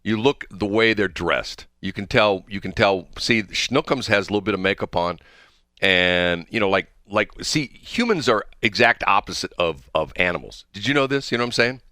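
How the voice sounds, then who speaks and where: A man's voice: on the low side, lively intonation, moderate pace, pushed and bright, no echo, studio quality. A man co-hosting a talk show, ranting and joking in casual banter and laughing often. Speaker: podcast co-host.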